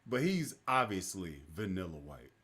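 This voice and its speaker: Young guy rambling on stream, swoopy pitch, bright voice. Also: moderate pace, slightly rough. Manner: animated, laughs a lot, rambling. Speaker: stream host. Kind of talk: casual stream chat.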